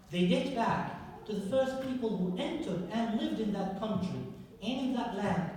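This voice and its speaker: Male lecturer, emphatic and repetitive, distant mic in a reverberant hall. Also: high-pitched. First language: Arabic. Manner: emphatic, repeats and lists points. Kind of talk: history lecture. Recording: echoey hall, distant mic, faint noise.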